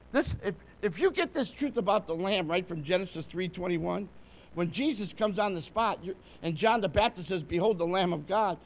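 High-voiced, fervent male preacher. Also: lively intonation, moderate pace, vocal fry. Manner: fervent, often asks the congregation to follow along. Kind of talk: sermon.

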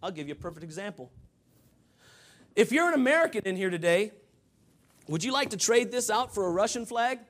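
A man preaching a Baptist sermon, dropping into low asides and then rising to shouted peaks. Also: animated, a little fast, long pauses. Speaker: pastor.

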